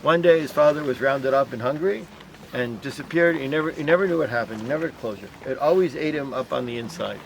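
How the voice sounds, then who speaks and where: A man guiding a tour group outdoors, telling a story in a lively way and acting out the voices. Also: medium pitch, fast, creaky, slight background noise. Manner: animated, acts out voices in stories. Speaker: tour guide. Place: outdoors at a memorial site.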